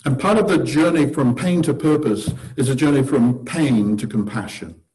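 A man's voice: medium pitch, moderate pace, mellow, poor audio. A man giving a conversational sermon to a seated group, earnest and posing rhetorical questions with wry humor. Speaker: church teacher leading table discussion.

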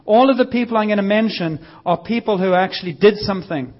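Lively high-voiced male preacher. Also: quick pace. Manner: energetic, conversational, lively acted quotes. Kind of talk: sermon. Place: church service. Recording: dull lo-fi sound.

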